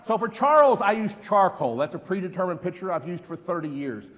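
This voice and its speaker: A man in his fifties giving an energetic live stage demonstration as a memory trainer, quizzing the audience with repeated questions. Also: sits high, a little fast. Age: 50s. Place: large event hall. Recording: long hall reverb.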